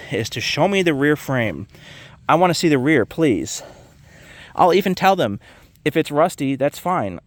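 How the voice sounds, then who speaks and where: A man's voice: mid-range voice, fairly bright tone. A man ranting casually to camera, exasperated and swearing freely about private car sellers. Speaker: vlogger.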